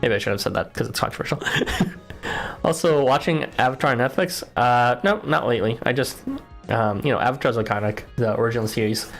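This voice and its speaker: A man's voice: mid-range voice, fairly quick, faint music behind. Joking man streaming a game. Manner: joking, rambling asides, laughs often. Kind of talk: casual playthrough commentary and reading game lines aloud.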